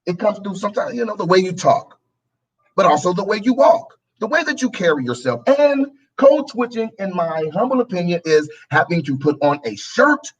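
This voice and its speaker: A man's voice: sits high, big pitch swings, moderate pace, slightly rough, far from the mic, rough recording. A man hosting a call-in talk show, giving impassioned, emphatic commentary and repeating his points.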